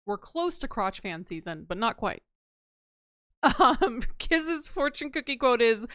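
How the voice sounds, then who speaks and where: A woman's voice: on the high side, very animated, a little slow, a bit bright, dry recording, studio quality. A woman streamer chatting casually and playfully with her live chat, teasing and slipping into silly voices.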